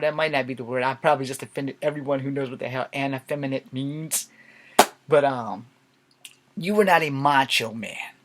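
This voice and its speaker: A man tells stories to the camera in a loose, rambling way, at a mid-range pitch. He pokes fun at himself and drops casual swear words along the way. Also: a bit bright. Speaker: vlogger. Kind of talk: casual monologue.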